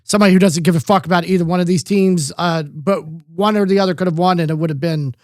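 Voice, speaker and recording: A man's voice: high-pitched, fast, a little mellow, no echo, clean studio sound. A man co-hosting a sports podcast, talking casually with lots of swearing and filler words. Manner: profane, rambling, lots of fillers. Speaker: podcast co-host.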